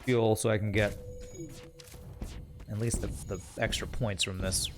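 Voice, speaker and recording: A man's voice: on the low side, steady tone, a little slow. A young man streaming a game, casually commenting on play and teasing his chat in a wry way. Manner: wry, teasing, talks to chat while playing.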